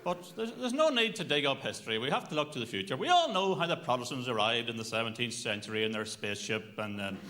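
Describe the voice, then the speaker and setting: A man's voice: medium pitch, very animated, fast, few pauses, heavy background noise. A man doing a stand-up routine in a dry, mock-serious way. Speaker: stand-up comedian.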